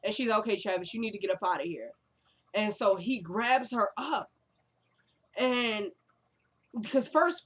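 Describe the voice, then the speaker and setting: A young woman talks through a TV episode in a loose, chatty way, full of "like" and "y'all". Her voice sits a little high, and she keeps slipping into the characters' lines as she retells each scene. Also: fairly bright tone. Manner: uses fillers like "like" and "y'all". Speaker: vlogger recapping a TV episode. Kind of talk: casual recap chat.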